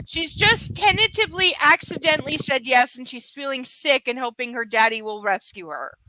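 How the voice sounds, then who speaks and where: A woman's voice: sits high, animated, normal speed, few pauses, sharp tone, no echo, poor audio. A woman hosting a live book reading, breaking off with sarcastic, exasperated commentary. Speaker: host reading a novel aloud.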